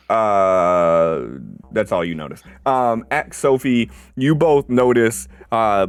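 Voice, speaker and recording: Slow, hesitant game master man. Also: on the low side, clean tone. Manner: halting, full of ums and uhs. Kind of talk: narrating a tabletop game stream.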